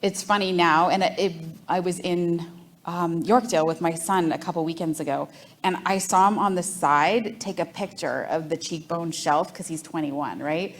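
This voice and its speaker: A Canadian woman in her forties, an entrepreneur guest in a live onstage interview, telling lively stories and laughing often. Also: fairly low pitch, moderate pace. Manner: animated storytelling, laughs often.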